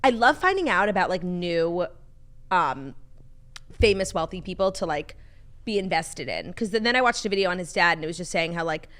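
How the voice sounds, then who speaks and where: A woman's voice: on the low side, normal speed. A young woman co-hosting a podcast, telling gossipy stories in casual chat with many "like"s. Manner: gossipy, animated storytelling with many "like"s. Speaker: podcast co-host.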